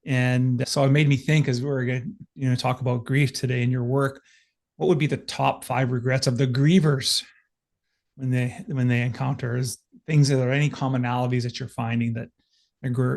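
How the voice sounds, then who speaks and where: A man's voice: medium pitch, level tone, fairly quick, gravelly, a little mellow. A man hosting a podcast, affirming his guest and steadily asking questions. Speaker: podcast host. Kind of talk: podcast interview.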